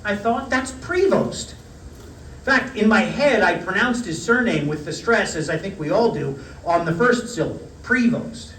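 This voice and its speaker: A middle-aged man reading a prepared lecture in a measured, wry storytelling manner. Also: high-pitched, expressive, fairly bright tone, slight background noise. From United States. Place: parish hall. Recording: roomy hall, mic at a distance.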